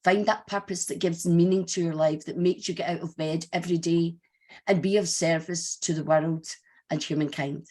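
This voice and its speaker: A woman with a slightly low voice delivers an inspirational speech as an award recipient. She is earnest and affirming, with a touch of emotion. She comes through on a video call. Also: fairly even intonation, moderate pace, a little mellow.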